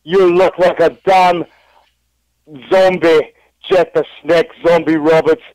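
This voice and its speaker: A man's voice: on the high side, steady tone, slow, darkish tone, dry recording, pitched above the performer's own voice, low-quality recording. A man impersonating an angry, protective father and male wrestler cutting a threatening promo. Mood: menacing. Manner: threatening, declamatory promo delivery.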